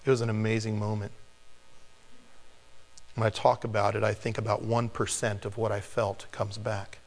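A man preaching a sermon, telling a personal story in an animated, chuckling way. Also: fairly low pitch, moderate pace. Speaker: pastor. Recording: long hall reverb.

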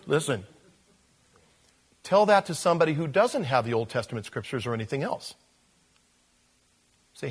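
A man's voice: mid-range voice, lively intonation, brisk, husky. A man preaching a conversational sermon, acting out bits of dialogue as he explains scripture. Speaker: pastor.

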